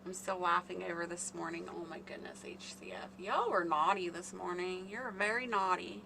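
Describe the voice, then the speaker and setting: A woman's voice: fairly low pitch, moderate pace, gravelly, noisy background. A woman hosting a casual live stream, rambling and chatting with her viewers by name. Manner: chatty, rambling, talks to chat readers by name.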